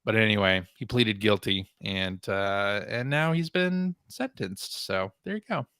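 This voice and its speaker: A man's voice: fairly low pitch, measured pace, pushed and bright, clean tone, no room sound, studio quality. A man hosting a casual podcast, chatting loosely and running through the news with easy laughs. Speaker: podcast host. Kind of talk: casual chat.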